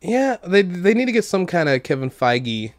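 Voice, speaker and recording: A man's voice: high voice, very animated, moderate pace, no echo, clean studio sound. A man in a casual podcast chat as a guest, laid-back and laughing easily.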